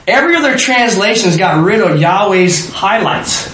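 A man's voice: high voice, animated, moderate pace, fairly bright tone. A man leading an interactive Bible study, talking conversationally, quizzing his small group and often restarting his sentences. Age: adult parent. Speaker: Bible teacher. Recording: echoey room with faint noise.

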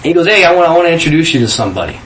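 A man's voice: fairly high pitch, very animated, very fast, fairly bright tone, echoey room, a little hiss or hum, low-quality recording. A man from Kansas telling a personal testimony in a casual storytelling way, acting out the quoted voices with frequent restarts. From Kansas, USA.

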